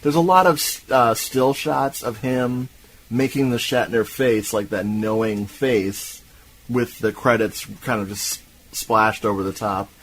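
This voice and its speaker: A man from Tampa co-hosts a casual podcast, retelling a bad movie with animated, profane glee and frequent laughter. His voice sits at an ordinary middle pitch over a faint background hiss. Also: unhurried, rough recording. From Tampa, Florida. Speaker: podcast co-host. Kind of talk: casual movie-recap chat.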